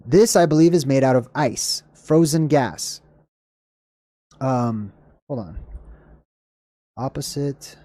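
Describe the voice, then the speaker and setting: Man, livestream host, rambling casual talk, slightly hoarse, searching for words, dry close sound. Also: mid-range voice, dark tone, dry recording. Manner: searches for words, self-correcting, apologetic. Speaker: livestream host answering chat.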